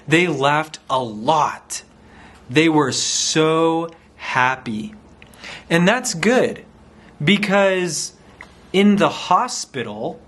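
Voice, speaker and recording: Guy reading a kids story super slow for learners, bouncy up and down voice, repeats everything. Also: fairly high pitch, a bit bright. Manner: repeats simple phrases, exclaims and acts out sounds. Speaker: language teacher telling a picture story.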